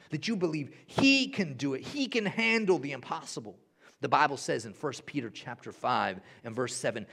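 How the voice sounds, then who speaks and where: A young man preaching a sermon in a church, animated, swinging from hushed to loud and repeating phrases for emphasis. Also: medium pitch, creaky, slightly rough. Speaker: pastor.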